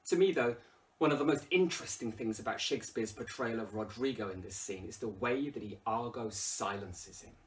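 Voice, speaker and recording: Expressive English male literature teacher. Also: fairly low pitch, moderate pace, distant mic. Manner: expressive, rises loudly when quoting lines. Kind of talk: lesson commentary with dramatic readings.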